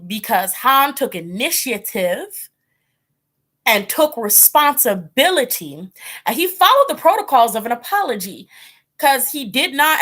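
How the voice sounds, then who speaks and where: A woman's voice: on the high side, a bit bright. Chatty woman livestreaming, rambling. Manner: chatty and rambling, with frequent fillers and laughs; acts out her own reactions in quoted voices. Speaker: tarot reader hosting a live stream. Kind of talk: casual livestream chat.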